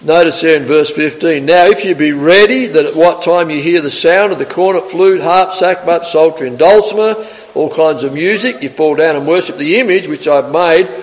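Animated preacher, man, echoing hall. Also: a little high, normal speed, muffled recording. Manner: animated, acts out the story in character voices. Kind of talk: sermon. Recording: long reverb of a hall.

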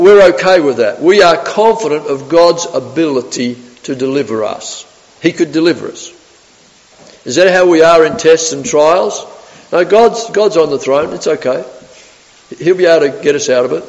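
Male preacher, slightly high voice, animated sermon in a reverberant church hall. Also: moderate pace, long pauses, dull audio. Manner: animated, acts out the story in character voices.

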